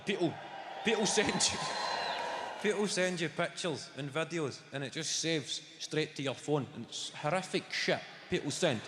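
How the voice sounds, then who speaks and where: On a theatre stage with a handheld mic, a young Scottish man works through a brash, foul-mouthed storytelling set. He speaks at a normal speed in a fairly high voice. The spacious venue is very noisy, and the crowd laughs loudly.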